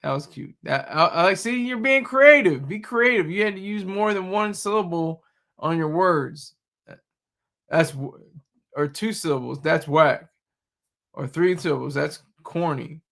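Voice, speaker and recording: A man's voice: a little high, a little slow, creaky, fairly bright tone. A man streaming live, talking back to chat and news clips in a mocking, combative way. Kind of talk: casual live-stream commentary.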